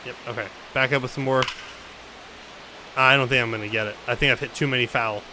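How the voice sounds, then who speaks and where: A young man commenting on his own baseball video game play, venting frustration, swearing and swinging between loud outbursts and low mutters. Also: steady tone, brisk, noisy background. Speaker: gaming YouTuber.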